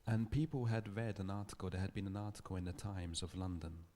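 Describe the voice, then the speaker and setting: A man giving a public lecture, telling a story in a thoughtful, measured way with small restarts. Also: low voice, fairly even intonation, dark tone. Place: lecture hall.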